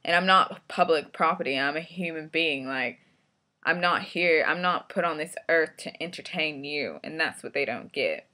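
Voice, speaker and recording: A woman vlogger tells a story in a blunt, profane rant. Her voice sits low but comes out bright and forceful. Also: animated, moderate pace.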